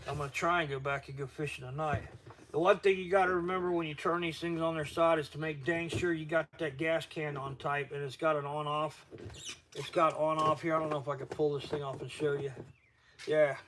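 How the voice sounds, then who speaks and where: A man's voice: a little high, level tone, a little fast, a bit bright, slight background noise. A middle-aged man from Florida with a Southern accent, tired, chatting casually in a rambling way on a livestream from his garage workshop, greeting viewers by name. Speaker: outdoor livestream host.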